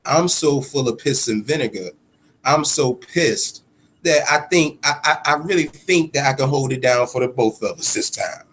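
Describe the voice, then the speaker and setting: A man's voice: normal speed, slight background noise. A man hosting a boxing podcast alone, ranting heatedly with profanity and repeating himself for emphasis. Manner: heated, profane ranting with sudden swells in pitch and loudness. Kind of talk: solo podcast commentary.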